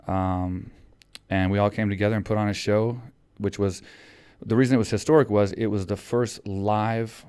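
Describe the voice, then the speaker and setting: With a lowish, clear, resonant voice that's a little mellow, this man hosts a podcast in casual conversation. He rambles, leaning on plenty of fillers and restarting his sentences.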